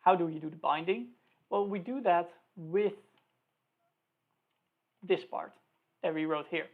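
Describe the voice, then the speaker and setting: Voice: medium pitch, a little slow. A programming instructor talking through live code, thinking aloud, spelling out each line, and correcting slips along the way. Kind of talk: live-coding tutorial. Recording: tinny phone-like recording.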